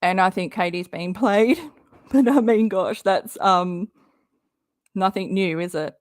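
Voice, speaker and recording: Woman streamer ranting about online drama, slow and heated, swears a lot, reads out chat comments, dry close sound. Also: medium pitch, dry recording. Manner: heated and blunt, swears and talks straight at her target.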